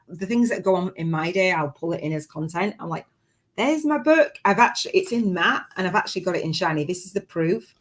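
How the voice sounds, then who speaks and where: Chatty, excitable woman on a live stream. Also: fairly low pitch. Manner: chatty and excitable, with bursts of cheering. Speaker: business coach hosting a live stream. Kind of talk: casual live stream chat. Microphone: webcam setup with ring light.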